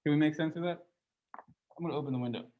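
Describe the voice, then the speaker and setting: A man's voice: a little high, rapid-fire, highs cut off. A man giving a casual, conversational classroom lecture, asking his students questions as he goes. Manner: reads passages aloud from the book. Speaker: religious studies lecturer.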